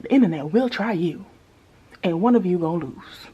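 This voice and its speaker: A woman's voice: lowish voice, fast talker, darkish tone, husky, muffled recording. A woman budgeting vlogger chatting casually to her viewers in a sassy, playful way with joking asides.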